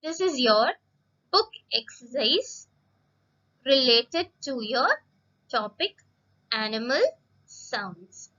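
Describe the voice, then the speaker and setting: Very slow, bright-voiced woman teacher. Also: sits high, lively intonation, muffled recording. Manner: drawn-out words, asks children questions. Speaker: primary school English teacher. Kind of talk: slow explanatory lesson for young children.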